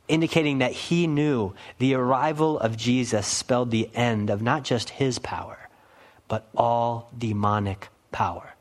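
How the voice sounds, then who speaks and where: A man's voice: mid-range voice, moderate pace. A man pastor giving an earnest, emphatic expository sermon in a church, stopping to ask his listeners questions.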